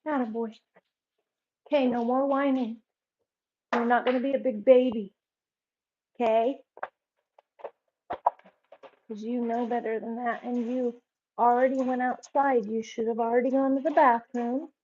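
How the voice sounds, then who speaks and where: A woman's voice: fairly high pitch, steady tone, unhurried, long pauses, darkish tone, highs cut off, a little hiss or hum. A woman vlogging at home, giving firm, repeated commands to her dogs between remarks to the camera. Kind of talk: casual home vlog. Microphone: camera set up in the room.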